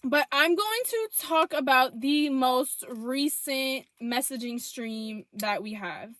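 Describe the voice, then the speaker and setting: A woman's voice: sits high, expressive, slow, a bit bright, no room sound. A young woman telling a storytime vlog, blunt and heavy on profanity, reading out text messages.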